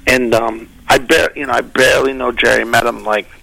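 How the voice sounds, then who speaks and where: A man's voice: medium pitch, little pitch movement, brisk, creaky, pushed and bright, no echo, low-quality recording. A man who is a guest comedian, telling casual stories and slipping into voices for the people he quotes. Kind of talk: casual storytelling.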